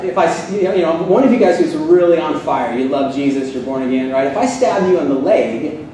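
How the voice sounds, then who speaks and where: Man, high voice, sarcastic debate speech, fired up, very echoey hall, mic a bit far off. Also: warm tone, slight background noise. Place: seminary hall.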